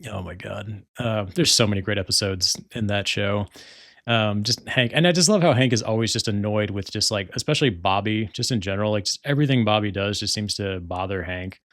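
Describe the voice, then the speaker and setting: Young man, solo podcast host, rambling casual chat, low voice, dry sound. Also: brisk, fairly bright tone, no echo. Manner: rambling, many filler words, frequent laughter.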